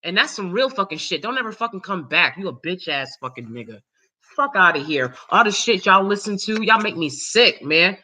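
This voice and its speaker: Woman ranting on her live, super bright sharp voice, loud n cussing a lot. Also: fairly low pitch, big pitch swings, normal speed, slightly rough, low-quality recording. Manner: loud, profane, heated. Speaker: channel host. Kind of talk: casual live-stream rant.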